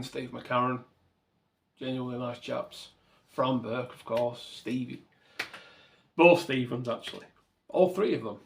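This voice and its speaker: Guy rambling on to camera, earnest and grateful, keeps restarting his sentences. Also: medium pitch. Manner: earnest and thankful, rambling with lots of self-corrections. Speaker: model railway channel host. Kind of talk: reflective to-camera vlog talk.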